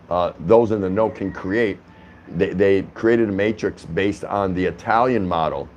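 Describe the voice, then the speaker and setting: A man's voice: lowish voice, a little mellow, a little hiss or hum. A man hosting a casual vlog from his apartment, rambling and chatty with lots of restarts and fillers. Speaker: vlogger host. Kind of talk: casual talking-head vlog. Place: apartment indoors.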